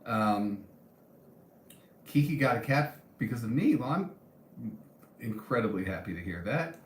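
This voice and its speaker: A man's voice: mid-range voice, lively intonation, unhurried, echoey room. A man hosting a casual live stream and reading viewer comments aloud, talking in a rambling way with many ums and restarts.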